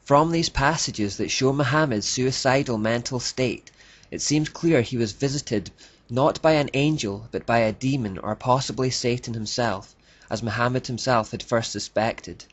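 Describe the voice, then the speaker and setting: A man reading scripted documentary narration in a measured, declarative way. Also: mid-range voice. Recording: dull lo-fi dry voice-over.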